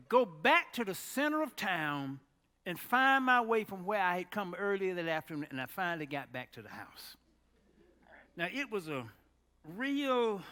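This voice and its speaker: Man preaching a story sermon, voice jumps all over, echoey hall with long reverb. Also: sits high. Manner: animated, exclaims loudly, drops to a hush.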